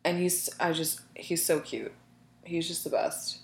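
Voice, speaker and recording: Giggly lower-voiced woman in a roomy space. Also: creaky. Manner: giggly, gushing, quick asides. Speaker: podcast co-host. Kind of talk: casual chat among friends. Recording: roomy echo.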